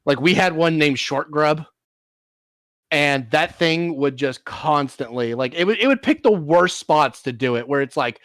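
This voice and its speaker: A man's voice: a little high, unhurried, fairly bright tone, no room sound, studio quality. A man hosting a casual stream chat, rambling through stories with restarts and frequent swearing. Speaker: streamer host.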